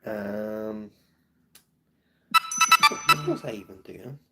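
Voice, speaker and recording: A man's voice: lowish voice, sing-song, drawn-out words, loud music behind the voice. A man with a Belfast accent hosting a casual live-stream chat from home, rambling along with tags like "so it is". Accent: Belfast, Northern Irish. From Northern Ireland. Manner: rambling and chatty, with tag phrases like "so it is". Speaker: livestream host.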